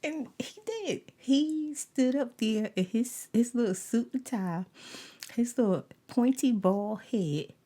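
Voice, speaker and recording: A middle-aged woman telling a story in soft-spoken ASMR style, animated, slipping into whispered asides. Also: fairly high pitch, slow pace. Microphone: desk USB microphone.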